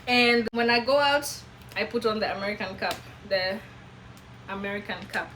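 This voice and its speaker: A young Kenyan woman with a Kenyan English accent, telling a chatty, animated, self-mocking story to camera. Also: mid-range voice, moderate pace, a little hiss or hum, low-quality recording. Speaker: vlogger.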